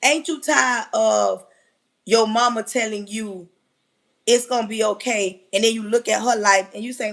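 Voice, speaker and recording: A woman giving a fervent, preachy motivational talk on a live stream, hammering repeated phrases and often yelling. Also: a little high, a little slow, gravelly.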